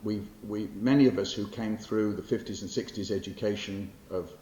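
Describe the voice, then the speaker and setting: A poet from England in his sixties speaks in a fairly low, dark voice with fairly even intonation and moderate pace during a public library-hall lecture with poetry readings. He talks wryly and conversationally, correcting himself amid fillers; the audio is roomy and muffled, with faint hiss.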